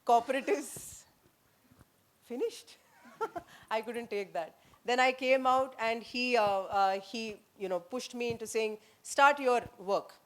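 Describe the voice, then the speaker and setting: A middle-aged woman with an Indian English accent, a former army officer speaking at a leadership summit, telling lively anecdotes and making punchy, emphatic points. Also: a little high, slow pace, pauses often. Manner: lively storyteller who acts out quotes and slips into Hindi.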